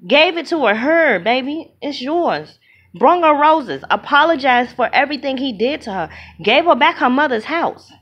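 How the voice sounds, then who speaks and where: A woman with a fairly high voice gives a heated, opinionated movie review straight to camera. She talks with punch and leans into her points, often slipping into the voices of the people she quotes. The sound is dull and lo-fi, as if from a home camera. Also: moderate pace, hardly any pauses. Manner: emphatic and animated, acts out quoted people.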